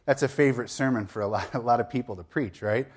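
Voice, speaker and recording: A man's voice: mid-range voice, fast. Conversational male pastor preaching. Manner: conversational storytelling with asides and light humor. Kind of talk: sermon.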